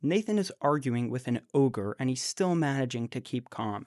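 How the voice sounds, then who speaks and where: A man rants through reaction commentary on a debate clip, cursing and mocking the people in it. He sits close to the mic in a dry, dead room, and his pitch is mid-range. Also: expressive, normal speed, hardly any pauses, darkish tone, no echo. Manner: ranting, profane, mocking impressions. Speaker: commentary YouTuber.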